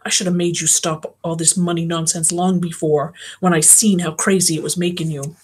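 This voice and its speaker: A woman's voice: lowish voice, little pitch movement, normal speed, a little mellow, husky. A woman reading as a stern, heartbroken mother. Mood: stern, scolding. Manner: stern and scolding. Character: angry, heartbroken mother of a teen girl.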